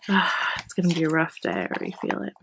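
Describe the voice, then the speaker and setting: A woman vlogging about her budget in a casual, chatty way, a little hoarse as she loses her voice, often counting cash out loud. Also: sits low, sing-song, quick pace, background noise. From Canada. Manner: chatty, apologetic, counts bills aloud. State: losing her voice. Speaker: personal finance vlogger.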